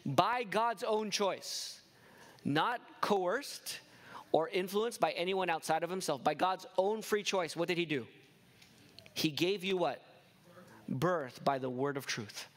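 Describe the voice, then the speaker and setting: A pastor with a high voice delivers an impassioned sermon. He keeps asking his listeners rhetorical questions and drives his points home with emphasis. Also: slow, a bit bright.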